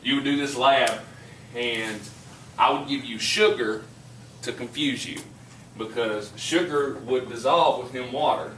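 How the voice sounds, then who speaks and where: A man's voice: mid-range voice, unhurried, a bit bright. A man with a strong southern West Virginia accent talks casually to his class, mixing a drawling story with a chemistry lesson. His voice sits in the middle range. The sound comes from a distance across an echoey classroom, with faint room noise behind him. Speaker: chemistry teacher.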